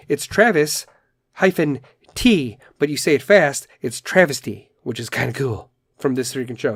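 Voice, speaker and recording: A man's voice: mid-range voice, dry recording, clean studio sound. A man hosting a casual solo podcast, ranting in a rambling, profane way and telling dad jokes. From Chicago area. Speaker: podcast host.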